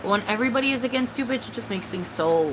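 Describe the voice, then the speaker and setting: A woman's voice: fairly high pitch, lively intonation, rapid-fire, background noise. A young woman from Mexico ranting bluntly and profanely in a casual live-stream chat. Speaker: vlogger.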